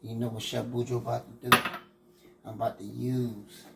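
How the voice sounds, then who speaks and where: Gravelly folksy man cooking on camera. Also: medium pitch, flat delivery, moderate pace, fairly bright tone, a little hiss or hum, rough recording. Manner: folksy, chatty, talks to viewers, says "boy" a lot. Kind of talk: casual cooking demonstration. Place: kitchen with frying food. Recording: clear frying sizzle behind the voice. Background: sizzling frying food.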